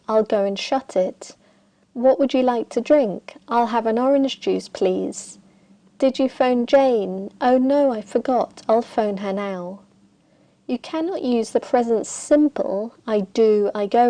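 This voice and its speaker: Woman reading a grammar lesson, slow and careful, soft mellow tone, dry close sound. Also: on the high side, no room sound. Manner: slow, deliberate, reads example sentences aloud. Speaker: English teacher. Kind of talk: scripted grammar lesson narration.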